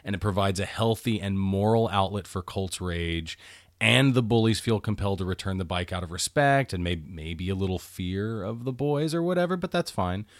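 A man with a lowish voice talks through a film in relaxed podcast chat. He picks apart scenes with a chatty, analytical bent and laughs easily. The sound is dry and close, with no room around it. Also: moderate pace, no echo. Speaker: podcast co-host. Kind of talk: casual movie commentary chat.

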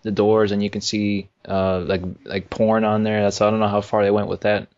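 A man co-hosting a casual podcast chat about video games, rambling and halting with many fillers. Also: lowish voice, flat delivery, darkish tone. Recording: dull lo-fi sound.

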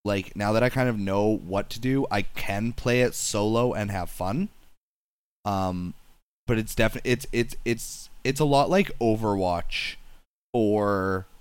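A young man talks through a game in an easy, rambling way, doubling back on his words with plenty of fillers. His voice sits a little low, and it comes over an online voice call with a dry, close sound. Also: a little slow, clean tone, no echo. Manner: rambling, lots of fillers and restarts. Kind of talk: casual gaming chat.

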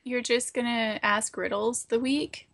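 A woman's voice: on the high side, fairly even intonation, measured pace, gravelly, a bit bright, no echo. A woman chatting casually on a podcast, making teasing remarks. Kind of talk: casual comedic chat.

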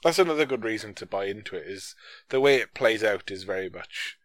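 A man's voice: on the low side, animated, fairly quick, dry recording. A man in a casual film discussion, talking in a hesitant, wry, slangy way.

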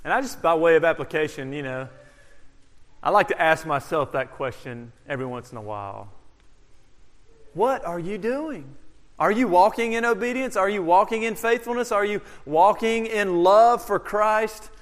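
A pastor preaching a verse-by-verse sermon, asking rhetorical questions, sometimes loud and sometimes hushed. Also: male voice, high-pitched, expressive, normal speed, big-room sound. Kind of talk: expository sermon.

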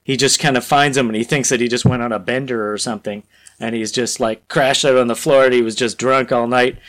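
A man co-hosting a podcast in casual chat, rambling through a story pitch with lots of fillers. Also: steady tone, fairly quick, fairly bright tone. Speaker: podcast co-host.

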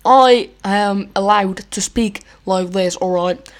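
A brash, pompous fake-British voice that swears freely, as a woman puts it on. The accent is played up as mockery. The pitch sits at a middle height. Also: slow, natural voice. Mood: mocking. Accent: put-on British.

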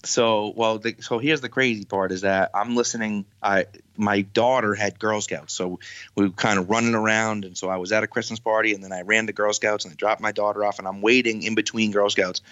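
A man's voice: on the low side, fairly quick, dry recording. Exasperated man on a dull lo-fi line. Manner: animated, exasperated storytelling. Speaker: podcast guest, football writer. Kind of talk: casual podcast chat. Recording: dull dry lo-fi sound.

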